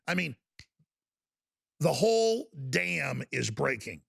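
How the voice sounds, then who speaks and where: A man's voice: on the high side, lively intonation, normal speed, a bit bright. A male talk show host delivering a fervent, ranting radio monologue with mocking asides. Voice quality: gravelly.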